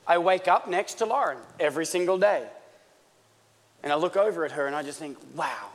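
A man's voice: high voice, fairly quick. A man from Australia preaching a sermon in a conversational, joking manner that builds toward fervor. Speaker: pastor. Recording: long church-hall reverb.

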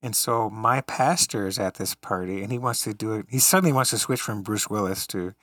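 This podcast co-host is a chatty storyteller who laughs often during casual conversation. He speaks fairly quickly in a fairly low, fairly bright voice, captured in a dry, studio-quality recording.

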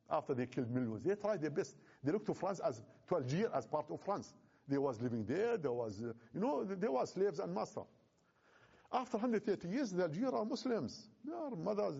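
Impassioned man with a dull, husky voice. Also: on the high side, dark tone. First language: not English. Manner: emphatic, repeats phrases, non-native grammar. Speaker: Muslim speaker. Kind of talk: impassioned address.

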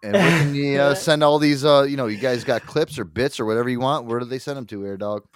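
A man's voice: mid-range voice, fast talker. A man hosting a podcast in casual chat, rambling, swearing freely and laughing often. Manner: crude, rambling, laughs a lot. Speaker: podcast host.

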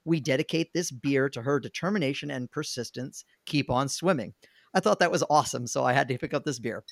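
A man's voice: mid-range voice, brisk, vocal fry, dry recording. A man chatting as a podcast panelist, upbeat and talkative, laughing easily. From Alabama, USA. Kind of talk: casual podcast chat.

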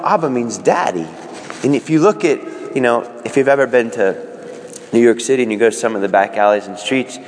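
A man, a priest, preaching a homily. He swings from loud rising calls down to soft, low asides. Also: long reverb tail.

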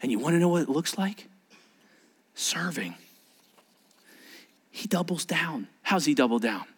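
A man's voice: fairly high pitch, animated, unhurried, husky. A man preaching a sermon as a pastor, talking conversationally, asking rhetorical questions and acting out quoted speech. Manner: acts out quoted speech in varied voices.

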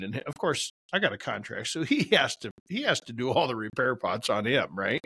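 A man's voice: mid-range voice, sing-song, brisk, hardly any pauses, bright, forceful tone, breathy edge. A man casually telling rambling, profane stories about his work and poking fun at himself as a regular on a talk show. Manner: profane, rambling, self-deprecating. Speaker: podcast regular. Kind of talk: casual storytelling.

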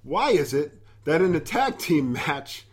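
A man co-hosting a casual wrestling podcast, animated, swearing freely and acting out quotes. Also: on the high side, unhurried, very noisy. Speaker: podcast co-host.

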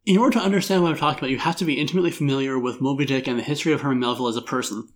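A man's voice: medium pitch, very fast. A man hosting a casual film review chat, wry and rambling, laughing through his jokes. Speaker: podcast host.

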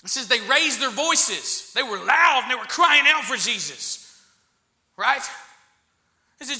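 A male pastor with a very high, sharply bright voice, preaching with passion. He hammers phrases through repetition and builds to loud outbursts. The sound rings in an echoey church room. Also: expressive, unhurried, pauses often. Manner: impassioned preaching, repeats key phrases and swells to loud exclamations. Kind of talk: sermon.

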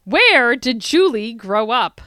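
A woman's voice: a little high, sing-song, slow, pushed and bright, clear, resonant tone, no room sound, clean studio sound. A woman hosting a quiz on a casual podcast, teasing and laughing as she reads the questions. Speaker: podcast co-host, quizmaster. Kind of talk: casual chat.

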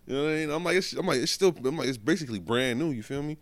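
A man from Florida co-hosting a casual podcast, telling profane stories with animated quoted asides. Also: fairly high pitch, rapid-fire, hardly any pauses. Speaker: podcast co-host. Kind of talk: casual chat.

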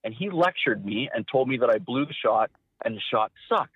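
A man recounting hunting stories as an interview guest, animated and acting out quotes in a raised voice. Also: mid-range voice, brisk, husky, dry recording. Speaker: guest, former hunting cameraman. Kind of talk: storytelling interview. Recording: dry, phone-like narrow sound.

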